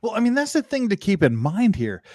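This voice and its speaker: A man's voice: high-pitched, huge pitch swings, fairly quick, darkish tone, dry recording. Sarcastic lawyer guy hosting, swears a lot, bouncy voice, dry sound. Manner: blunt, profane, sarcastic. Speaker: host, lawyer. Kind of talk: casual commentary chat.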